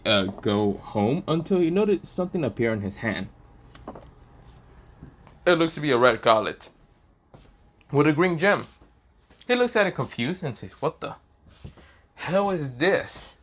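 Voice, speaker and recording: A man's voice: mid-range voice, big pitch swings, moderate pace, long pauses, fairly bright tone, slight background noise. A man improvising a fan story narration in a rambling way, full of fillers and restarts.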